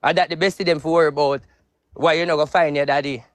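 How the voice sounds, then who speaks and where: Man, Jamaican accent, profane heated rant, high-pitched, dry close sound. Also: fairly even intonation, fast talker, no echo. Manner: profane, heated, patois-heavy. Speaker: social media personality. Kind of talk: live video rant.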